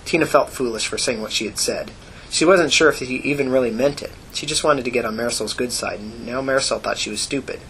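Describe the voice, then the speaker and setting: A man reading a gritty novel aloud in a plain, even storytelling manner. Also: mid-range voice, quick pace, a little hiss or hum, rough recording. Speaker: audiobook narrator. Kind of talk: scripted narration.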